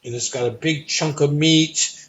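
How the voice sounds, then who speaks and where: A man's voice: a little high, a little slow. A man and stage performer, a guest in an interview, telling a casual anecdote and acting out the people he quotes. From United States. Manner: lively storyteller who acts out the people he quotes. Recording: dull lo-fi recording.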